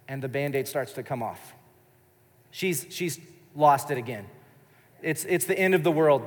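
A pastor in his thirties delivers a sermon with a slightly raised voice, telling a story in an easy, chatty way. He is recorded live in a large church, his words trailing off in a long reverb. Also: on the high side. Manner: conversational storytelling with fillers. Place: church service, indoors.

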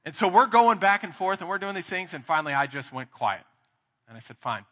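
A man with a Texan accent preaching a sermon as pastor, candid and storytelling, growing animated in his anecdotes. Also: high voice, fairly quick, in a large hall.

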